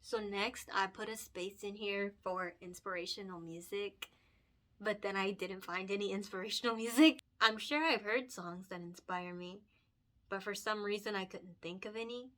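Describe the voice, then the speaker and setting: Bright-voiced, emotional woman vlogger. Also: medium pitch, moderate pace. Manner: emotional, gushing, laughs often, filler-heavy. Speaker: picture book illustrator and vlogger. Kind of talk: casual chat while coloring.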